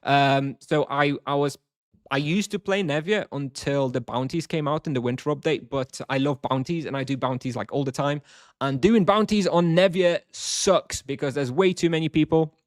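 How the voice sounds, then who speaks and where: A man's voice: on the high side, normal speed, no echo, studio quality. A man streaming a game live, chatting casually and answering viewers at length. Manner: rambling, reads chat aloud and answers.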